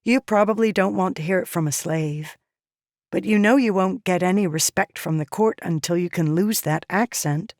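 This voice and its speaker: An earnest young slave girl, as a woman narrator voices her, timid yet determined and pleading. Her voice sits a little higher than the narrator's own. The sound is close and dry. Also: moderate pace, a little mellow, dry recording, natural voice. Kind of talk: audiobook character voice.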